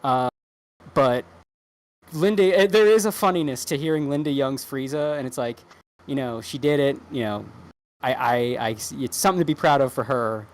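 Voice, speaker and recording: A woman co-hosting a podcast in casual chat, rambling and animated, with many restarts and swearing. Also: a bass voice, moderate pace. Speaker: podcast co-host.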